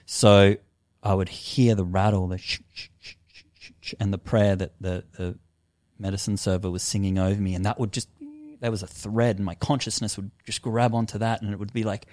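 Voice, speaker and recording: A man guesting on a podcast tells a personal story with big energy, dropping swear words and acting out what went through his head. His voice sits on the lower side, and the sound is dry and close, with no room echo. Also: fairly quick. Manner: animated, swears often, acts out his own past thoughts. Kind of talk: casual storytelling conversation.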